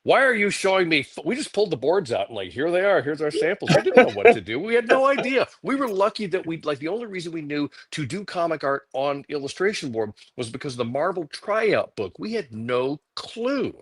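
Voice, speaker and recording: A man's voice: a little high, fairly quick, few pauses, slightly rough. A middle-aged man, a guest comic artist, telling casual stories on a livecast and acting out quoted voices. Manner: animated anecdotes, acting out quotes.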